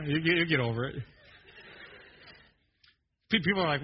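A man's voice: a little high, moderate pace, a little hiss or hum. Man preaching with humor in an echoey hall. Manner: joking, animated preaching with many restarts. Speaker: pastor. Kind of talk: sermon. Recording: dull muffled sermon recording in a long-echo hall.

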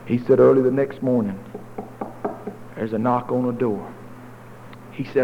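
Folksy preacher in an echoey hall. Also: male voice, mid-range voice, steady tone, measured pace, vocal fry, pauses often. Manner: folksy storytelling, dramatic swings from loud to hushed. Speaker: pastor. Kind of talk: sermon storytelling. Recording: tinny phone-like echoey hall, faint noise.

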